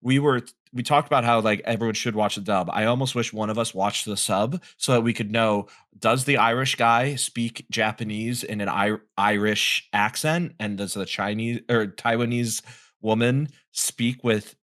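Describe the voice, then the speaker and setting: A man's voice: fairly low pitch, fairly even intonation, moderate pace, fairly bright tone. A man co-hosting a podcast in casual group chat, rambling and correcting himself as he wonders aloud. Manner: rambling, self-correcting, curious. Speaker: podcast co-host.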